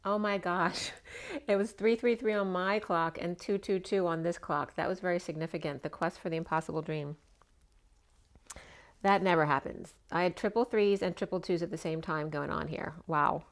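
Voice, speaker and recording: A woman giving a casual spoken tarot reading, chatty and meandering, her voice slightly hoarse. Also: lowish voice, moderate pace, few pauses. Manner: chatty, meandering, full of asides. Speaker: tarot reader.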